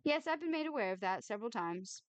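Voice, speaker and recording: A reserved young woman with a dry, deadpan wit, answering flatly, read by a woman. Her voice is smooth and clear in a close, dry recording. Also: on the high side, fast, no room sound, natural voice.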